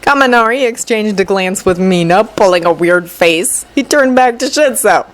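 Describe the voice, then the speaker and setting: A woman narrating a fanfiction audiobook with expressive storytelling. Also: mid-range voice, moderate pace, few pauses.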